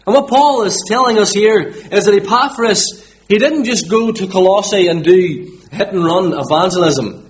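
A man's voice: high voice, moderate pace. A man from Northern Ireland with a Northern Irish accent, preaching a sermon and repeating his key words for emphasis.

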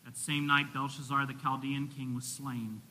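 A man preaching a sermon to a congregation, earnestly rising for emphasis and dropping low on solemn points. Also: flat delivery, moderate pace, bright, forceful tone, low-quality recording. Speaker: pastor.

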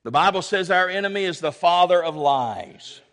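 A man's voice: lively intonation, normal speed. Emphatic preacher man. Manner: emphatic, swings from loud exhortation to low asides, calls for amens. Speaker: pastor. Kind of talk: sermon.

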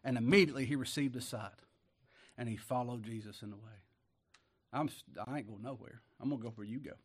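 A man preaching a folksy sermon, swinging between loud declaiming and hushed asides, chuckling often and talking in plain homespun speech. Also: mid-range voice, brisk.

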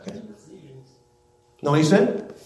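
A man's voice: unhurried, a little mellow, roomy sound, a little hiss or hum. A man preaching a sermon to his church, folksy and emphatic, drawing the congregation in. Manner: folksy, emphatic preaching with call-and-response and chuckles. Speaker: pastor. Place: church sanctuary.

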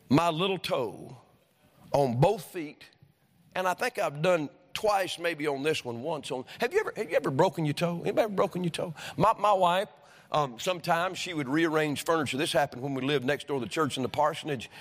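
Man, high voice, pastor, folksy storyteller turned fervent preacher; church hall with long reverb. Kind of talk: sermon. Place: church sanctuary.

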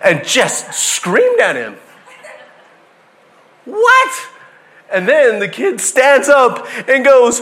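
A man's voice: high-pitched, big pitch swings, normal speed, bright, forceful tone. A man preaching a sermon, telling stories and acting out the people in them with frequent laughter. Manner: storytelling, acts out quoted voices, laughs often. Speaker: pastor.

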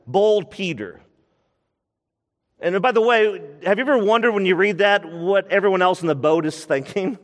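A male pastor preaching a sermon, expressive, slowing down to stress words and acting out scripture quotes. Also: on the high side, big-room sound.

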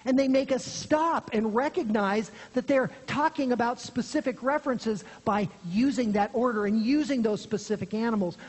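A preacher giving an earnest expository sermon, dropping low and quiet for emphasis, recorded in a church sanctuary. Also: husky. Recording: long hall reverb.

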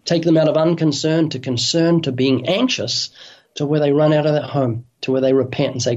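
A man's voice: a little high, steady tone, fairly quick, a little mellow, dull audio. A man speaking as an evangelist guest on a radio interview, earnest and urgent as he tells vivid illustrations.

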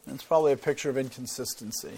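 A man delivers a Bible teaching in an earnest, explanatory way, at a middle pitch. He often restarts a phrase and repeats a word while he works out his point. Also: very fast, creaky, warm tone, breathy edge. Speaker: preacher.

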